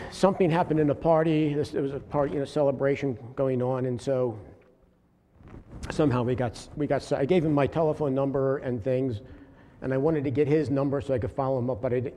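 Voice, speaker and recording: A man's voice: medium pitch, dark tone. Earnest man telling a church story. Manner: halting, many restarts, earnest storytelling. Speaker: lay preacher sharing a testimony. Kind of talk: informal church testimony. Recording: long hall reverb, faint room noise.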